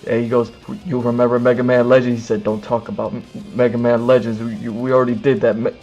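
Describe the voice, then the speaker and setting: A man's voice: medium pitch, little pitch movement, fast talker, darkish tone, lo-fi sound, faint music behind. A male streamer telling a casual comedic story, acting out both sides of an imagined conversation.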